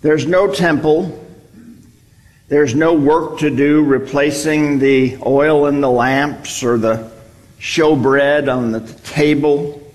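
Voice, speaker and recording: A man's voice: on the high side, steady tone, takes it slowly, a little mellow. A man teaching a Bible study, explaining a passage and repeating key words for emphasis. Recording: long reverb, hall.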